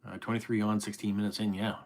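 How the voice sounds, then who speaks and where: Chatty East Coast Canadian man, low voice. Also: flat delivery, fast. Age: middle-aged. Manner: friendly, chatty, reads viewer comments aloud. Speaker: live stream host. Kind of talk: casual live-stream chat reading comments.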